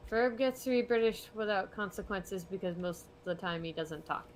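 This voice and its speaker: A young woman rambles through a relaxed chat while she draws live on stream. She laughs a lot and drifts between lively talk and soft mumbling to herself, and a faint hiss sits under her voice. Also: mid-range voice, moderate pace. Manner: rambling, chatty, laughs often. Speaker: art streamer. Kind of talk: casual chat while drawing.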